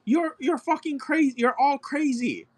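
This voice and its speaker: A man putting on a high, whiny voice to mock a smug male zookeeper who calls everyone crazy. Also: normal speed. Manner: whiny, condescending, squeaky mock voice. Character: smug, shrill male zookeeper mocked as a know-it-all.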